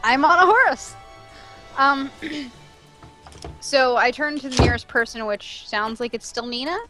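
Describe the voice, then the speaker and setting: A woman's voice: high-pitched, measured pace, over music, rough recording. A woman playing in a tabletop game, talking casually and hesitantly with fillers. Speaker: player.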